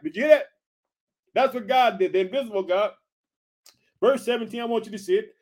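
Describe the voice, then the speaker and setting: A man's voice: high voice, fairly quick, pauses often. A man preaching an informal sermon, reading scripture and calling out to his listeners as family. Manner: energetic, calls out to listeners as family.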